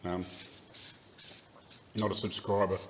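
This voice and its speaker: Low-voiced New Zealand man ranting. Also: little pitch movement, slow, slight background noise. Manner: swears freely, laughs often, mimics others. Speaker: car restoration YouTuber. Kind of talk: casual rant while working in garage. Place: home workshop garage.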